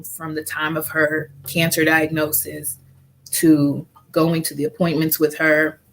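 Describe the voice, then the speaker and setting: Earnest lower-voiced woman host, preachy repeats. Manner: earnest, repeats key lines like rhetorical preaching. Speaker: host and grief counselor. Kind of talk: faith-based live interview chat. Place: at home with family around. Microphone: video call.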